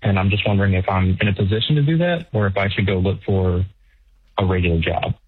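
A man calling into a radio show, sounding nervous and hesitant, with many pauses and fillers. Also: deep voice, husky, no room sound. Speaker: caller. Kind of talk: phone-in conversation. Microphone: telephone. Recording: dry tinny phone line.

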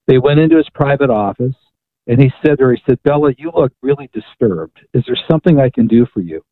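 A man tells a long story as a radio guest, stumbling over his words and circling back. His voice sits at an ordinary pitch. It comes through a tinny phone line with no room sound. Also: quick pace, no echo. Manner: animated storyteller with frequent restarts. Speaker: author and guest.

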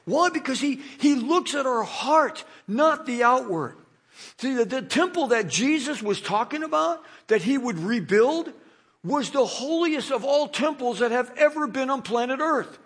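A man preaching a sermon, animated and dramatizing the scripture passages he reads. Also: extremely high pitch, measured pace, husky.

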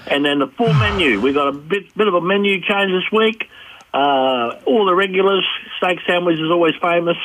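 A man's voice: high-pitched, normal speed, fairly bright tone, a little hiss or hum, rough recording. A man, a pub owner chatting on breakfast radio in a jokey, teasing way, often laughing. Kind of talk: casual radio chat.

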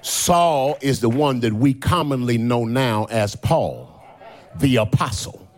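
A man preaching a sermon who swings from plain speech into a sung, shouted preaching cadence. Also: mid-range voice, lively intonation, slow. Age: older.

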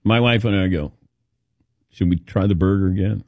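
In clean studio audio with no room sound, a middle-aged radio presenter with a low voice spins lively stories at normal speed, acting out what others said in their voices.

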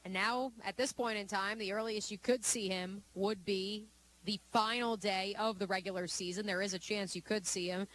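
A woman co-hosting sports talk radio, reeling off stats and analysis in a fluent, steady delivery. A faint hiss sits under her voice. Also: medium pitch, moderate pace. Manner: fluent, stat-heavy, analytical.

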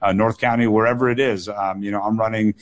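A low-pitched man speaks as a political candidate on call-in radio. He answers in an earnest way, repeating words and padding with fillers as he builds his points. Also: steady tone, quick pace. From United States. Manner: earnest, repetitive phrasing with many fillers and doubled words.

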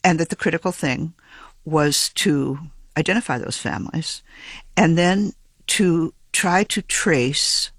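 A man who works as a geneticist describes his research during an interview, choosing careful, exact academic wording and now and then briefly starting over. He has a fairly high, slightly bright voice, with no echo.

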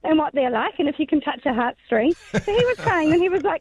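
A woman's voice: high voice, expressive, quick pace. A woman calling into a radio show, telling a chatty story over the phone. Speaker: caller. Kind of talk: telling an anecdote on air. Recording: tinny phone line.

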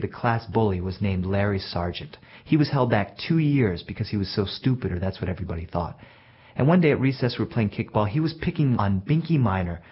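Husky man telling a personal story. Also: mid-range voice. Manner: plainspoken, reflective, gentle self-mockery. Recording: dull lo-fi recording.

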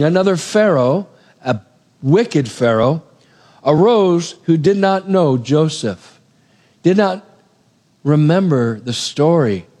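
A man preaching a conversational sermon in a church, retelling scripture stories with animated, acted-out quotes. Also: on the high side. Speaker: pastor. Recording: long reverb of a hall.

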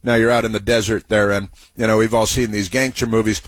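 Husky-voiced man rambling on talk radio. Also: on the low side, level tone, quick pace, dry recording. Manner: rambling and sarcastic, heavy on "uh" fillers. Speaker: talk show host. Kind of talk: political talk radio commentary.

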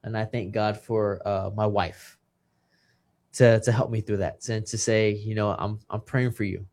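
A man's voice: lowish voice, level tone, unhurried, a little mellow. Earnest middle-aged man telling a story. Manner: earnest, emotional, acts out quoted dialogue. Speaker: retired professional boxer, guest. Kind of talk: personal storytelling in conversation.

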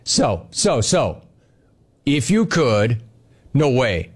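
A middle-aged man hosting a sports radio show, telling stories in a casual, animated monologue. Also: mid-range voice, drawn-out words, husky. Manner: animated storytelling, mimics others in dialogue.

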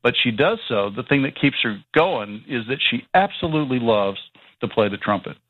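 A man's voice: medium pitch, lively intonation, normal speed, dry recording. A man speaking as a guest on a radio call-in show, explaining his ideas earnestly. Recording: tinny phone line.

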